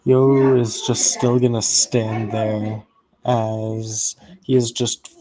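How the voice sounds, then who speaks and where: A man playing a tabletop game describes his character's actions in the third person, slow and hesitant. His voice is low and warm. The delivery stays flat and unhurried. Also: poor audio. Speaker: player.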